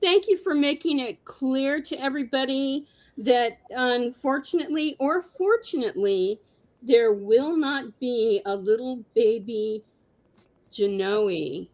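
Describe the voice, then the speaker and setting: A woman's voice: fairly high pitch, slow pace, darkish tone. A woman calling in to a talk show, speaking in a dry, amused way. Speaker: caller. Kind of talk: casual call-in chat.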